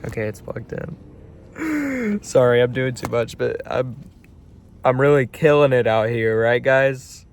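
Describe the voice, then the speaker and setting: A young man vlogging by his car at night, chatty and self-mocking, breaking into loud exclamations. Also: mid-range voice, fairly even intonation, unhurried, slight background noise. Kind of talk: casual vlog.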